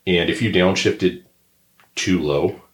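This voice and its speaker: A middle-aged man with a low, deep voice spins a casual story as a podcast co-host, acting out the people in it. His voice bounces around an echoey room. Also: slow pace. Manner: animated anecdote teller who acts out others' yelling. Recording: roomy echo.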